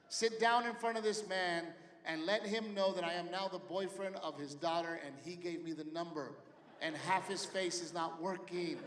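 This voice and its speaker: A middle-aged comedian performs stand-up in a large theater to a live crowd, telling brash, profane stories and acting out everyone's lines. His somewhat bright voice sits high for a man, ringing with long reverb across the hall amid obvious audience noise.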